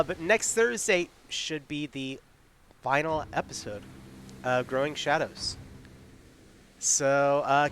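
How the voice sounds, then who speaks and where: A man's voice: fairly high pitch, fairly bright tone, slight background noise. A man in casual live-stream chat, hosting as game master and making upbeat, chatty announcements.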